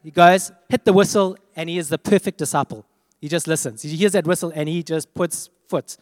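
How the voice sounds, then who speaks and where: Man preaching through an animated story. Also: on the high side, fairly quick, no echo, studio quality, big-room sound. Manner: animated storytelling, acts out quoted voices. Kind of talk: storytelling sermon.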